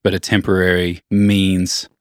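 A man hosting a theology discussion, affirming his guest and posing measured questions. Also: low-pitched, little pitch movement, smooth, no room sound, clean studio sound.

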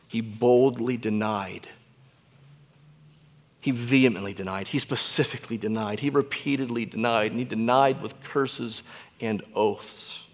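A man's voice: medium pitch, unhurried. Preaching man in a reverberant church. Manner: conversational, animated preaching with wide swings in loudness. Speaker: pastor. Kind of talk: sermon.

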